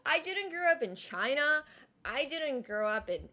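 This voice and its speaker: Casting: young woman streamer, a little high in pitch, blunt, swears, laughs a lot, English learned later in childhood. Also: animated, normal speed, sharp tone. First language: not English. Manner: candid, swears freely, laughs often. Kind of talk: casual stream chat.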